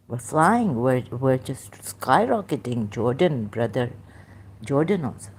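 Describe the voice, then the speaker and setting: A woman's voice: rumbling low, lively intonation, unhurried, a little mellow, slightly rough. A woman vlogger talking casually to camera, rambling and breaking off mid-sentence to restart her thoughts. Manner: rambling, self-interrupting, many restarts. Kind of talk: casual monologue.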